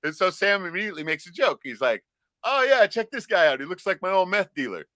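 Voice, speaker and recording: Male podcast co-host from Alaska, bright higher voice, profane rambling tales. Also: sing-song, fast talker, no echo. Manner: profane, rambling storyteller with loud acted-out shouts. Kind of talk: casual podcast chat.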